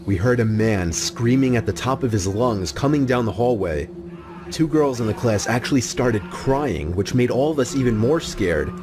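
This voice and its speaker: A man narrating a true horror story in a calm, measured, scripted way. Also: fairly low pitch. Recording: clip played with background music.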